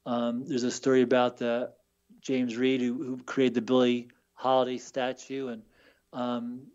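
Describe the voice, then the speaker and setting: In a casual radio interview, a Baltimore-born book author shares stories with plenty of fillers and repeated words. His mid-range voice is monotone, a little slow, darkish, and clean in tone, though the recording is lo-fi.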